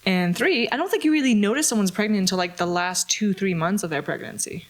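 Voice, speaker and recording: A man's voice: high voice, animated, quick pace. A young man in his twenties from Scotland, co-hosting a casual podcast and teasing his friend with provocative questions. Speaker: co-host.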